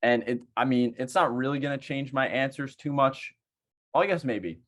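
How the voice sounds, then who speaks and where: A man's voice: medium pitch, moderate pace, a bit bright. A young man co-hosting a podcast, casually thinking aloud and asking questions with lots of hesitation. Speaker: podcast co-host.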